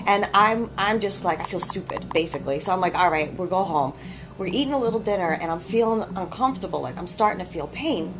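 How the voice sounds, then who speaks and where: In a hospital room and having contractions, a woman in labor tells her story in casual, animated, exclamatory speech, laughing often. She has a lowish voice and a quick pace, and the handheld camcorder's built-in mic picks up background noise.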